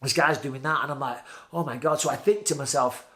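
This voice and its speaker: A man's voice: medium pitch, fast talker, a bit bright. A British man in his forties telling a vivid personal story in a casual way, acting out his own past lines. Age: 40s. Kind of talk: casual spoken anecdote.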